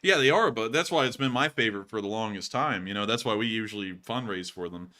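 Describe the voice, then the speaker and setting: American guy hosting a war news stream, bright edgy voice, gets fired up and laughs a lot. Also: lowish voice, quick pace. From United States. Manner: animated, rants and laughs easily. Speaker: war news show host. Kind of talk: casual livestream commentary.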